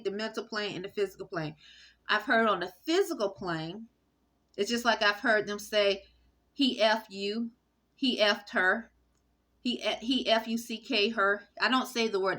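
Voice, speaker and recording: Bright-voiced woman, rambling monologue. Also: medium pitch. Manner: rambling, halting, with frequent fillers and restarts. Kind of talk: casual spoken monologue.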